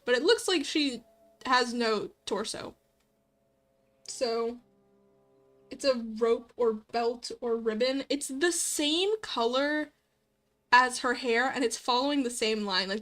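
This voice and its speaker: A woman's voice: fairly high pitch, fairly bright tone. A young woman streaming a horror game, chatting casually, laughing often and nitpicking the art. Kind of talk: let's play commentary.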